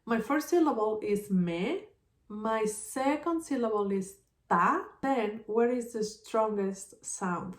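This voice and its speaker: A woman's voice: a little high, expressive, takes it slowly. A woman teaching a language lesson, explaining rules patiently and repeating example words. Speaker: Spanish teacher. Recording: echoey room.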